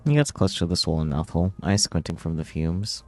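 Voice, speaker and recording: A man's voice: low-pitched, animated, a little fast, soft background music. A man streaming a game, reading its text aloud and joking playfully. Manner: playful, jokey, reads lines casually.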